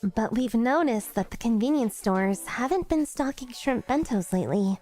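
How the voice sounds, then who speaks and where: A woman's voice: on the high side, expressive, normal speed, mellow, faint music behind. A woman streamer reading a game story aloud, voicing every character herself and breaking off to laugh at her own attempts.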